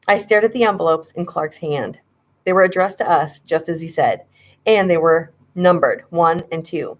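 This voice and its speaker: A woman's voice: fairly low pitch, moderate pace. A woman narrating a children's horror story, reading with dramatic suspense. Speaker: audiobook reader.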